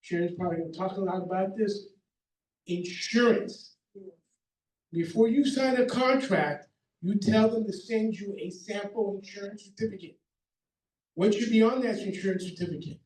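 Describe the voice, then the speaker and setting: A man's voice: sits high, normal speed, a little mellow, slight background noise. A middle-aged man, a contractor, giving practical advice to a seminar audience in an emphatic way, laying out numbered points and often checking in with "okay?". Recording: roomy hall, mic far off.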